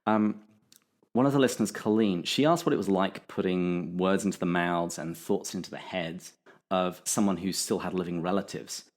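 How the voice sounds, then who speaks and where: A podcast host with a low-pitched voice runs a casual interview at a moderate pace, asking questions in an easygoing way and laughing often.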